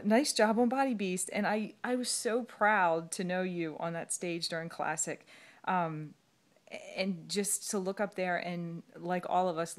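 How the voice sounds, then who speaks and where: A middle-aged woman gushes through a heartfelt thank-you to her team, her slightly low voice rising and cracking as she fights back tears. She talks casually, stringing thoughts together with plenty of ums. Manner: gushing and effusive, many ums, voice rising and cracking near tears.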